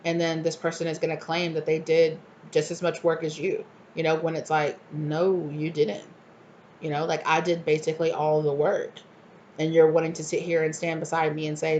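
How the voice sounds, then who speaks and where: A woman's voice: sits low, little pitch movement, normal speed, a little hiss or hum. A woman giving a casual tarot reading, chatting freely and acting out the people she describes in exasperated voices. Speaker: tarot reader.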